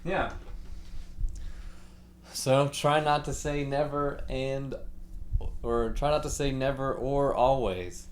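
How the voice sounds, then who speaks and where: A man's voice: medium pitch, steady tone, slow, long pauses. A musician livestreamer, a man, chatting casually and ramblingly while setting up his gear at home. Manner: rambling, laid-back, many fillers. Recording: echoey room with faint background noise.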